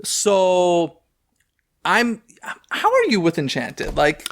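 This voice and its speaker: A man co-hosting a fan podcast in casual chat, animated and chatty with self-deprecating asides. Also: high-pitched, extremely slow. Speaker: podcast co-host.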